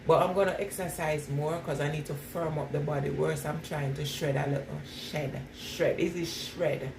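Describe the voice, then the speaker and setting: This woman's voice is low-pitched and steady, at a moderate pace. As a vlogger with a non-standard English accent, she washes her hair while chatting through her live comments, laughing often and repeating herself. She's recorded far from the mic with background noise, in an echoey room with clear ambience.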